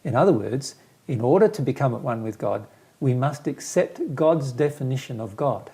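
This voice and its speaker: A man's voice: medium pitch, expressive, normal speed, warm tone, breathy edge. A man who is a spiritual teacher, talking earnestly and patiently in a casual conversation and explaining his ideas with simple everyday examples.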